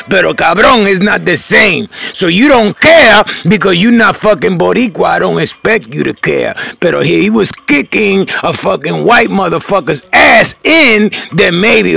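A man delivering a profane, shouting rant at his viewers as host of his own channel. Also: sits high, animated, measured pace, creaky, hardly any pauses. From Puerto Rico.

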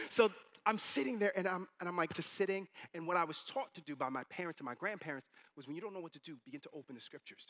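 Here a pastor in his thirties delivers a sermon at a quick pace, his voice pitched high. He tells stories with real animation, performing each quoted voice.

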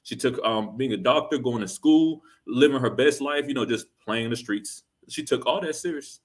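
A man delivers reaction commentary in a blunt, critical tone, circling back on his points and firing off rhetorical questions. His voice sits at an ordinary middle pitch. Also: normal speed. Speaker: reaction channel host.

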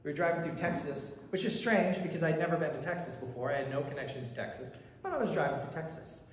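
A man's voice: on the high side, expressive, quick pace. A male pastor telling a personal story in a sermon, conversational, with fillers and restarts. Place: church sanctuary. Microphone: handheld or stand mic that fell during talk. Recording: very echoey church hall, faint background noise.

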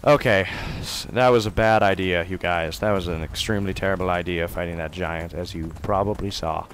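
A man with a fairly low voice talks through his gameplay as he plays. He bursts into loud taunts at enemies and slips back into quiet, muttered play-by-play. Faint background noise runs under the recording. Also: fairly quick. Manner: excitable, yelling taunts, then muttering. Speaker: gamer. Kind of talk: let's play commentary.

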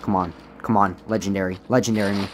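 A man giving casual gameplay commentary as a gaming YouTuber, swinging between low muttering and loud, frustrated outbursts. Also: steady tone, fast talker, background noise.

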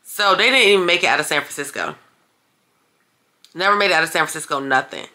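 A woman's voice: deep voice, expressive, fast, pushed and bright. A woman vlogging casually to her viewers, chatty and blunt, calling them y'all and cursing when annoyed. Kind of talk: casual vlog talk to camera.

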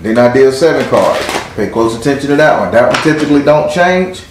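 A man's voice: mid-range voice, expressive, a little fast. A man doing a live tarot reading, joking and blunt with salty slang. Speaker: tarot reader. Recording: very echoey room, faint noise.

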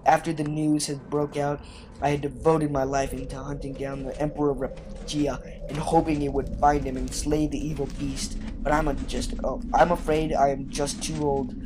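A man reading out the words of an old male survivor who lost his wife, halting and stumbling over the text. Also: on the high side, flat delivery, noisy background, close to an everyday voice. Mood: solemn. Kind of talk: reading game text aloud.

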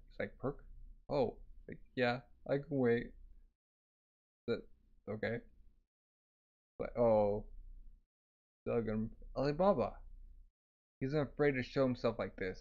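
A man's voice: medium pitch, slow, long pauses, darkish tone. A man casually reading a comic aloud, voicing sound effects and filling with "like". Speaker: manga reader. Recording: dull lo-fi recording.

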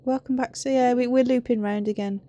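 A woman's voice: on the high side, fairly even intonation, fairly quick, warm tone, highs cut off. A young woman commentating a game she plays, with jumpy, swearing, exclamatory reactions. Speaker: let's play host.

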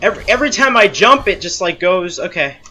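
A man's voice: high-pitched, big pitch swings, fast, bright, forceful tone. A young man giving casual gameplay commentary, ranting at the game in frustration and mocking himself. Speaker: let's play gamer.

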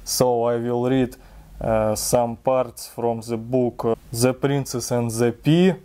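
Russian man reading a fairy tale, unhurried, mellow tone, casual and plain. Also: mid-range voice, smooth. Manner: relaxed, unexaggerated delivery. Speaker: reader.

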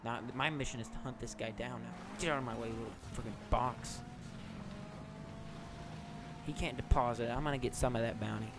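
A man giving excitable live gameplay commentary as a gaming YouTuber, swinging between loud shouts and low mutters. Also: brisk, long pauses. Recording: noisy, with loud game car sounds behind.

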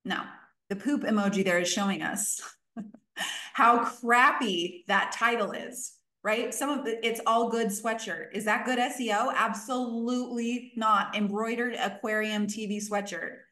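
Energetic woman coach in an echoey room. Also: a little high, a little slow. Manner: emphatic, energetic, repeats points for stress. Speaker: online business coach. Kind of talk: live workshop teaching.

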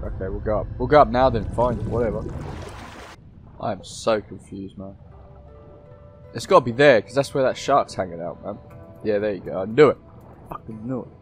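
A man giving casual, joking gameplay commentary, swearing freely as he plays. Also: lowish voice. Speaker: gameplay YouTuber.

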